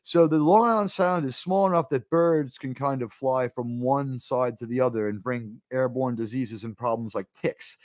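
A man's voice: mid-range voice, moderate pace, few pauses, a little mellow, no room sound, studio quality. A middle-aged man, hosting a casual livestream, rambling through digressions, swearing freely and answering chat with wry asides. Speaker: livestream host.

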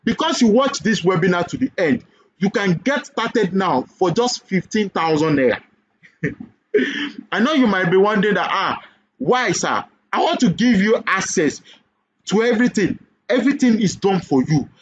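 A man with a Nigerian accent giving a sales webinar pitch for an online business course, persuasive and full of repeated questions and "okay?" checks. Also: animated, moderate pace, husky, muffled recording.

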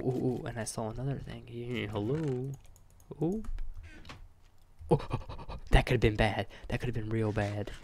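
A young man giving chatty, excitable let's-play commentary, joking and talking to his viewers as he plays. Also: medium pitch, a little hiss or hum. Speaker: gamer.

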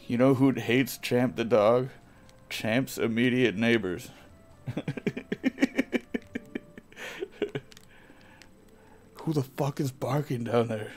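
A man streaming live in character as a crude, cat-hating talking dog, ranting with bursts of yelling. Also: medium pitch, a little slow, faint music behind, lightly acted. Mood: grumbling. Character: gruff cat-hating talking dog, adult male, easily angered.

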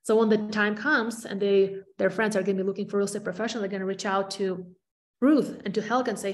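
A middle-aged woman with a non-native English accent, giving an energetic training talk to fellow real estate agents over a video call. She stresses points by repeating her words. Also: mid-range voice, fast talker.

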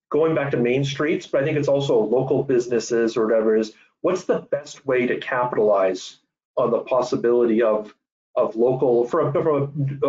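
A man's voice: medium pitch, darkish tone. A man hosting a webinar, asking questions in a casual, informal way. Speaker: webinar host. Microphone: video call. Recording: lo-fi webinar audio.

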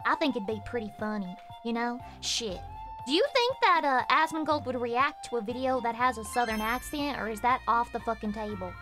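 High-voiced, rowdy streamer woman. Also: brisk, over music. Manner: profane, loud outbursts, rowdy. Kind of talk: casual chat reading chat messages.

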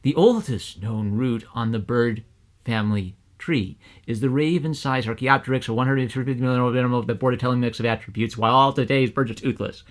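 A man imitating a male audiobook narrator who reads flatly, runs his sentences together without pauses and stresses odd words. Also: mid-range voice, natural voice. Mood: flat, rushed. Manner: flat, run-together reading with odd stresses.

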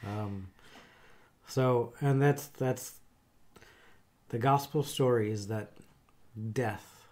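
A middle-aged man who works as a chaplain, talking in a thoughtful, halting way with many pauses and fillers. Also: mid-range voice, a little mellow. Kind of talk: casual conversation.

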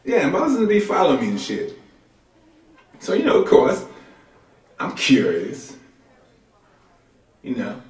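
A man's voice: medium pitch, slow pace, long pauses. A man doing a stand-up comedy set on a club stage, talking in a loose, colloquial, conversational way. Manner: loose, conversational, colloquial delivery with lively swings. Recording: roomy club sound from a distant mic.

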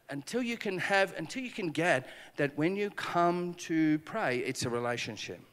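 This male pastor's voice sits on the high side, clear and resonant, with a long reverb tail trailing through the conference hall. His sermon is built on lively stories where he performs the dialogue and jokes at his own expense.

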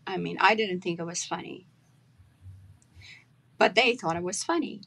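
A woman from South Africa, an actress chatting as a guest on a video call, telling stories with animated delivery. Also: fairly low pitch, normal speed, gravelly, rough recording. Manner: animated storyteller, acts out her own accent. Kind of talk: casual interview chat.

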